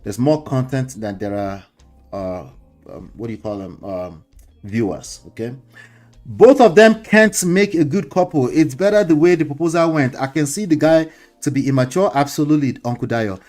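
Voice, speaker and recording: A Nigerian-accented man hosts a casual talk show and holds forth like a preacher. He hammers home each point by repeating it, now and then chuckling or slipping into pidgin. His voice sits at an ordinary middle pitch, with faint music playing low behind him. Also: moderate pace, darkish tone. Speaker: host.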